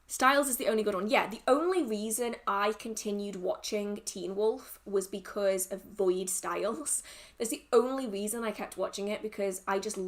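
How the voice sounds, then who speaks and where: A young woman hosting a livestream, chatting casually and rambling through viewer questions with restarts and laughter. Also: mid-range voice. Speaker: livestream host.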